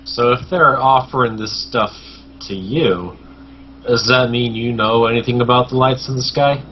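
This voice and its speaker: A man's voice: mid-range voice, normal speed. A man plays a tabletop game and talks through his reasoning casually. His voice sits in a middle range. The recording is muffled, with faint noise behind. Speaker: player.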